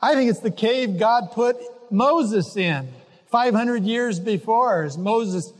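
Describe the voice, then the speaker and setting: A man preaching a sermon, earnest and gently exhorting his listeners. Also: high-pitched, expressive, slow pace, in a large hall. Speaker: pastor.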